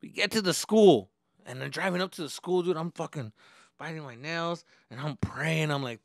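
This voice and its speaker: A young man hosting a podcast, telling a story in a casual, animated and profane way. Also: a little high, normal speed, dry recording, clean studio sound. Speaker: podcast host.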